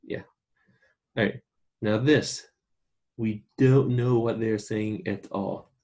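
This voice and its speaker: A man's voice: on the low side, fairly even intonation, takes it slowly, mellow. A man giving a casual, chatty recorded online Spanish lesson and talking straight to his students. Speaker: Spanish teacher.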